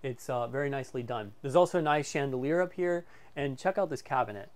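A man's voice: medium pitch, quick pace. A man casually presenting a walkthrough of a motorhome for sale, enthusiastic and full of fillers like "um" and "like". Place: inside a motorhome.

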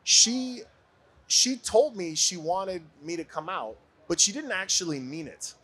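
A man in his forties from Brooklyn, a podcast guest telling a story in a casual, animated way and laughing often. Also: high voice, a little slow, slightly rough. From Brooklyn, USA.

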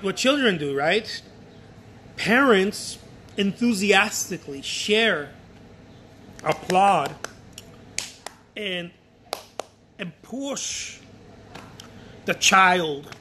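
A man's voice: high-pitched, slight background noise. A painter whose first language is Spanish, chatting casually and animatedly in his studio and acting out other people. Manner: animated, repeats himself, acts out other people. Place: art studio.

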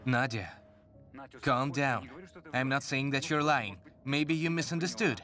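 A man dubbing a young husband caught between his wife and his mother in a TV drama, speaking in a measured way. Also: mid-range voice, sharp tone, soft background music. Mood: placating. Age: young adult. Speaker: husband and son. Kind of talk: dubbed TV drama acting.

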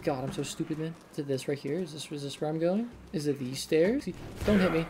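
A woman's voice: sits low, a little fast, over loud music. A young woman streamer giving casual gameplay commentary, swearing often and talking to herself as she plays. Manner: profane, excitable, talks to herself.

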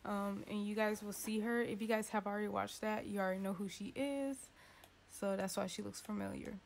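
A gaming YouTuber gives playful, chatty let's-play commentary from her home setup, sometimes voicing her sims' thoughts in a squeaky tone. Her voice is steady, fairly quick and has vocal fry, with slight background noise.

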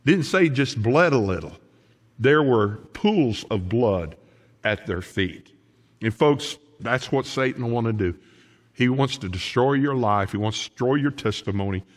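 Lively preaching pastor in a reverberant church. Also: male voice, medium pitch, a little slow. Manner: animated, folksy preaching with asides to the congregation. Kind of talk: sermon. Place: church sanctuary.

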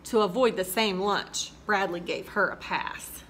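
Bright, expressive storytelling woman. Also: medium pitch, a little slow, slight background noise. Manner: expressive, rhythmic rhyming delivery. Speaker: children's storyteller host. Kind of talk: reading a picture book aloud.

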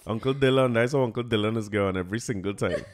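A man with a Trinidadian accent hosting a podcast, telling a story in a lively, laughing, colloquial way. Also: on the low side, fast, a little hiss or hum. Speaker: podcast host. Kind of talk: casual storytelling chat.

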